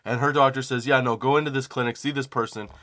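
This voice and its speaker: A young man hosts a comedy podcast, telling a personal story in a rambling, profane way. His voice sits at an average pitch. He laughs at his own lines and gets louder and higher when acting out the phone calls. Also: quick pace. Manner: animated quoting of phone calls. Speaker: podcast host.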